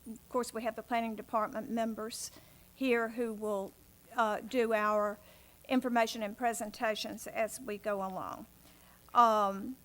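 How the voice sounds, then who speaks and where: A woman's voice: a little high, fairly bright tone. A woman chairing a city planning commission meeting in council chambers, speaking in polite, formal procedural phrasing.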